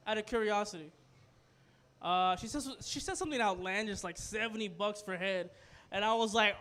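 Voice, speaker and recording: A young man with a high voice tells a rambling stand-up story in a small comedy club. He drops to a mutter for asides, then gets loud for the punchlines. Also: brisk. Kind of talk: stand-up set.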